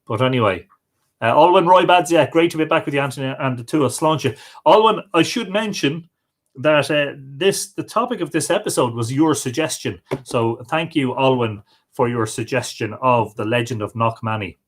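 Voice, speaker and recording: Male host, friendly, casual, mid-range pitch, reads out comments and greets viewers by name on a webcam stream. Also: normal speed. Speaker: livestream host.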